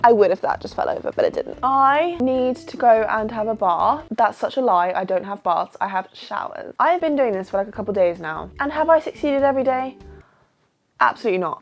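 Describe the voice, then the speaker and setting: A young British woman in her twenties, chatting to camera in a casual vlog, tired from little sleep, chatty and self-mocking. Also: on the high side. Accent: British English. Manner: chatty, self-mocking, jumps between topics. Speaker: vlogger.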